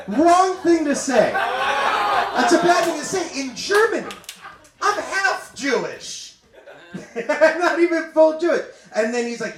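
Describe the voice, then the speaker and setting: Male comedian, 20s, animated storyteller, live stage sound with a roomy echo. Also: very high-pitched, a little slow, recorded from a distance. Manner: animated, laughing through his own story. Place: stage in a venue.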